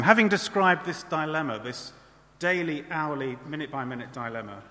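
A man's voice: a little high, expressive, moderate pace, bright, forceful tone, long reverb tail. A man preaching a sermon in a church in a conversational way, often adding tag questions.

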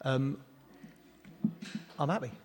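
A man's voice: medium pitch, slow, a little mellow. A man preaching an Easter sermon to a congregation, joking and quizzing the people in the pews. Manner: jokey, bantering with the congregation. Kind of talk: lively Easter sermon with audience questions. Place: large church hall. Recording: long reverb of a large hall.

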